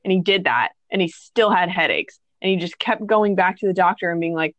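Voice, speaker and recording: A woman's voice: on the low side, lively intonation, fairly quick, few pauses, dry recording, highs cut off. A young woman co-hosting a podcast, retelling a story in casual chat, acting out the quotes and swearing bluntly. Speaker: podcast co-host.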